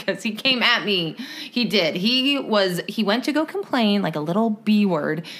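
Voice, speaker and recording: A woman co-hosting a comedy podcast, chiming in with quick remarks and telling her part of a story in casual chat. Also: medium pitch, expressive, a bit bright. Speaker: podcast co-host.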